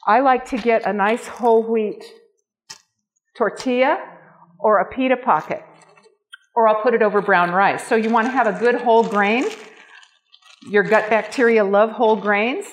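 A woman's voice: a little high, normal speed, long pauses. Gushing woman teaching a cooking class. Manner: enthusiastic, gushing. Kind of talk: live cooking demonstration talk.

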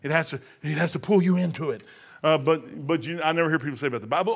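A man's voice: a little high, expressive, very fast, a bit bright. A man preaching an informal sermon in an emphatic, conversational way, often repeating and restarting his words.

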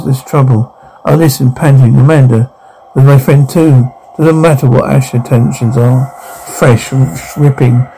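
Man with a gravelly, mellow voice. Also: mid-range voice, slight background noise, poor audio. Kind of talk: reading TV captions aloud, sound cues included.

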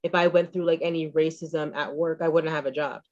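Outspoken woman with a slightly low voice in casual chat, dull lo-fi recording. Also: level tone, fairly quick, darkish tone. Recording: dull lo-fi sound.

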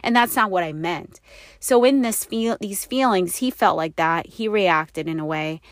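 A woman with a lowish voice talks straight to the camera and tells a personal story. She rambles and corrects herself, with plenty of fillers and frequent laughs. The sound is dry and close, with no room echo. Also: a little slow. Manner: rambling and confessional, with many fillers and self-corrections; breaks into laughter often. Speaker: wife sharing a personal story.

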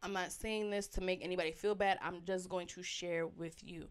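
A woman co-hosts a casual faith conversation. She tells personal stories with lively swings of pitch and loudness. She acts out her past reactions as she goes. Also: normal speed, clean tone. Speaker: podcast co-host.

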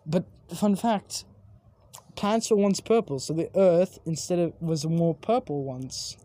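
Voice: medium pitch, measured pace, mellow. A young adult vlogger rambling casually outdoors at night, swearing often and stopping mid-word to correct themselves. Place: outdoors at night overlooking buildings.

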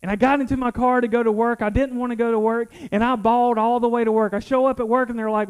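A man's voice: extremely high pitch, steady tone, fast, few pauses, clean tone, rough recording. A middle-aged man, a pastor, preaching a sermon in an earnest, personal way and often repeating words as he restarts a thought.

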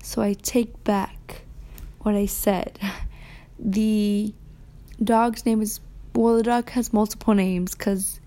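A woman reading a novel chapter aloud for a podcast, pausing to comment on the story. Her delivery is soft and often half-whispered. The voice is mellow and dark in tone. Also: mid-range voice, level tone. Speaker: student reader.

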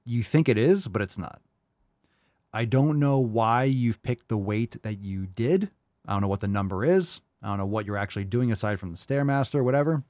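A man's voice: fairly low pitch, animated, moderate pace, darkish tone, dry recording, clean studio sound. A man hosting a podcast who answers a caller's question in blunt, rambling, direct coaching talk. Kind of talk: casual advice talk.

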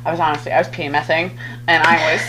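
A woman's voice: low voice, little pitch movement, racing, over music, rough recording. A woman hosting a podcast in casual chat, talking bluntly and swearing freely. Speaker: podcast host.

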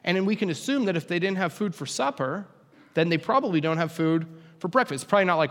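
A man's voice: high voice, expressive, fast, fairly bright tone. A young man preaching a casual, conversational sermon with humorous asides. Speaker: pastor. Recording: long hall reverb.

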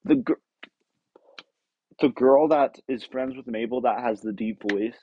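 A man's voice: mid-range voice, moderate pace, breathy edge, no echo, narrow, tinny audio. A man hosting his own podcast in a casual, rambling, self-deprecating way, often trailing off. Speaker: podcast host. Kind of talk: casual chat.

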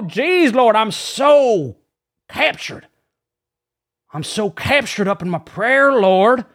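A man voicing an excitable, rambling male reverend in a comedic mock prayer. He says "Lord" after nearly every phrase and trips over his words. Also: very high-pitched. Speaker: guest preacher character. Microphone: studio dynamic mic.

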